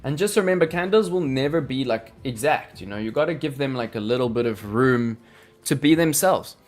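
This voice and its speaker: Expressive and fairly quick, this medium-pitched man runs a crypto trading live stream where he teaches how to read charts. He's playful, jokey and chatty, with lots of fillers, and faint background music plays.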